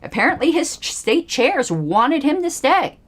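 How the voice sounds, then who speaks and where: A woman's voice: high voice, sing-song, unhurried. A woman hosting a livestream, giving angry, emphatic political commentary with pointed repetitions. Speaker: livestream host.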